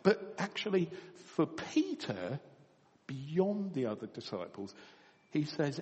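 A man preaching to a congregation, his voice swinging from ringing highs to low, quiet stretches. He chuckles between points as he tells the story. The sound carries a long reverb from a church hall. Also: takes it slowly. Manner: storytelling with animated rises and soft drops. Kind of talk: sermon.

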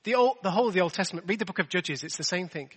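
A man's voice: high voice, lively intonation, rapid-fire, a bit bright, breathy edge, long reverb tail. A man preaching a sermon in a chatty, self-deprecating way, full of rhetorical questions. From England.

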